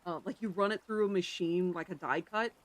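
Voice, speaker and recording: A livestreamer chatting casually with the stream chat, rambling and breaking into sudden loud exclamations. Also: mid-range voice, a little fast.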